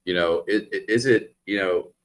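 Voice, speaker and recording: A man's voice: low-pitched, moderate pace, fairly bright tone, slight background noise. A man hosting a talk radio show, speaking conversationally with frequent fillers as he leads the interview.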